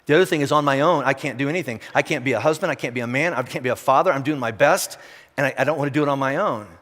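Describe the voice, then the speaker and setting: A man's voice: medium pitch, very fast, a bit bright. A man preaching a sermon to his congregation in a direct, conversational way, firing off rhetorical questions. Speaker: pastor. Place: large church auditorium. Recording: long reverb of a large church hall.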